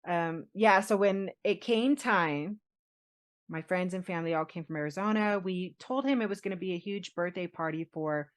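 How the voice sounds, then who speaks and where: A woman in her forties, a podcast co-host, telling a personal story in an animated, laughing way. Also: on the low side, moderate pace. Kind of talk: casual storytelling chat.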